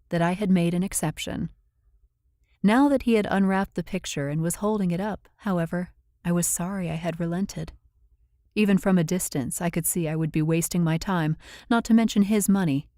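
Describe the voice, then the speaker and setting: A woman reads a first-person novel aloud as an audiobook, with a low-set, mellow voice. She tells the story in a measured, even way. The sound is close and completely dry, with no room at all. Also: no room sound. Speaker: audiobook narrator.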